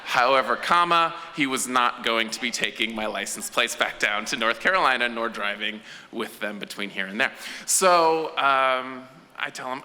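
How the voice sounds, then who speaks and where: Bright, sharp-voiced male storyteller. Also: mid-range voice, normal speed. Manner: animated, acts out the other voices. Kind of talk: live storytelling. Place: storytelling event on stage. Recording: echoey hall with faint noise.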